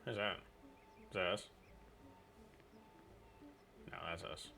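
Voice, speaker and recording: A man's voice: deep voice, fairly even intonation, takes it slowly, creaky, sharp tone. A man casually commentating a card game he is playing, thinking aloud and reading the game text as he goes. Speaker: gaming channel host. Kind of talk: casual let's-play commentary.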